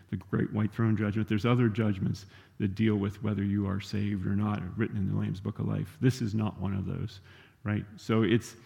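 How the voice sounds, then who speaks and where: A man's voice: lowish voice, gravelly, warm tone, in a large hall. A man preaching a sermon in a conversational teaching manner, often checking in with "right?" and using fillers.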